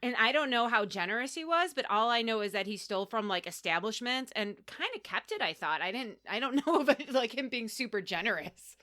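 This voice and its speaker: A woman's voice: a little high, animated, fairly quick, few pauses, sharp tone. A woman co-hosting a casual podcast, chatty and playful with joking asides. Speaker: podcast co-host.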